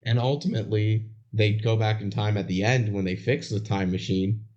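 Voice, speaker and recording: A young man with a low voice co-hosts a podcast in a relaxed, dry, joking way. The recording sounds dull and lo-fi. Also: moderate pace. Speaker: podcast co-host. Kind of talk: casual chat.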